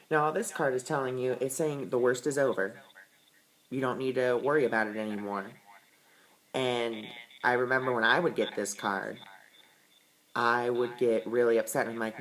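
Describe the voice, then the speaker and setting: On a rough recording, a tarot and oracle card reader talks casually to camera, explaining the cards in an earnest, reassuring manner. The voice sits in the mid range, and words are often repeated for emphasis.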